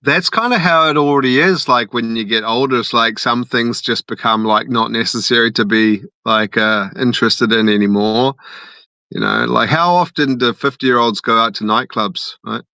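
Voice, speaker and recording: A man's voice: mid-range voice, normal speed, pushed and bright, dry recording. A man hosting a loose, rambling group call chat, laughing often.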